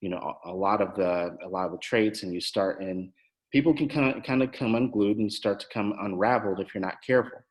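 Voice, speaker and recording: A man with a fairly low voice hosts the interview, asking long, winding questions. He stops and restarts often, filling the gaps with "um" and "you know.". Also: a little fast. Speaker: podcast host and former therapist.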